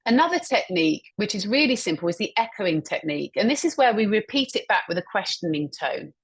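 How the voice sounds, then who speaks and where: A woman's voice: mid-range voice, sing-song, brisk, husky. A woman presenting an instructional webinar on a video call, speaking in an encouraging way and explaining points through examples she repeats back. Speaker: webinar presenter and communication trainer.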